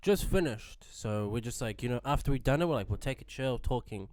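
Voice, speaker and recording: A man's voice: medium pitch, animated, fairly quick, a little mellow. A man telling an awkward story on a podcast, wry and swearing as he builds suspense. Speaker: podcast co-host. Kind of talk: casual storytelling chat.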